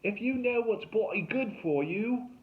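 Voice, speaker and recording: Guy doing a raspy fake aussie tv survival dude yelling way up high, lo-fi phone sound. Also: sing-song, moderate pace. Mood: barking. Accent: put-on Australian. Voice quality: hoarse. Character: loud hoarse fake-Australian male TV survivalist.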